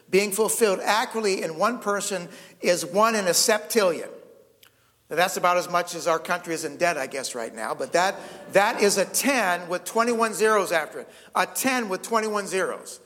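A man preaching a sermon, emphatic, checking in with the congregation with quick "okay?" and "right?" asides. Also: sits high, fairly bright tone. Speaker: pastor. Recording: long hall reverb.

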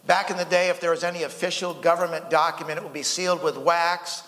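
A pastor with a high-pitched voice preaches in a folksy, easygoing manner, stumbling over repeated words and slipping in small jokes. His voice rings out with a long reverb, like a church sanctuary. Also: level tone, fast talker, fairly bright tone. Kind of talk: sermon.

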